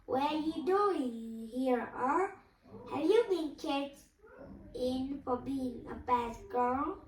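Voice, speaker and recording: A woman's voice: high-pitched, takes it slowly. A woman reading a story aloud, voicing a brusque school cleaning lady questioning a child. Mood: suspicious. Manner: suspicious questioning. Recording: echoey room, voice from a distance.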